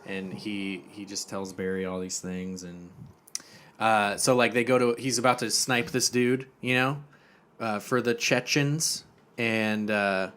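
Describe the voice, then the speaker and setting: Male podcast co-host, casual chat, profane, animated retelling. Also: lowish voice, a little slow, a little hiss or hum. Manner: profane, animated storytelling with acted-out quotes.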